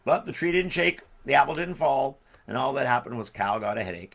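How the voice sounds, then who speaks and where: Male storyteller, jokey and rambling, bright tone with some gravel. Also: mid-range voice, animated, brisk. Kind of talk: live-streamed storytelling for kids.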